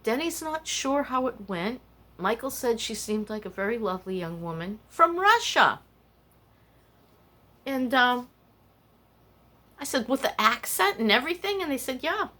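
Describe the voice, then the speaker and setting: A woman's voice: a little high, very animated, a little slow, pauses often, pushed and bright. An older woman hosting a casual podcast, rambling and candid as she tells stories and confides her feelings. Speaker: podcast host. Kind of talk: casual personal chat.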